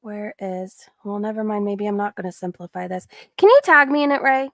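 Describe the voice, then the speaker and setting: A woman's voice: medium pitch, lively intonation, fairly quick, fairly bright tone, dry recording, studio quality. A woman casually commenting on clips and reading chat messages aloud on a live stream, often breaking into giggles.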